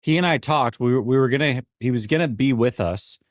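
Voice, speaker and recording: A man's voice: medium pitch, a little fast, no echo, clean studio sound. A man hosting a live sports stream, reacting casually and rambling, often repeating himself with wry asides. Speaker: sports show host.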